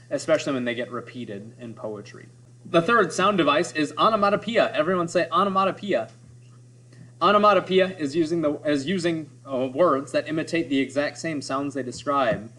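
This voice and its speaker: A man's voice: a little high, brisk, a bit bright. A man teaching a lesson on poetry, explaining and sounding out examples, often checking in with "right?". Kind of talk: classroom lecture on poetry.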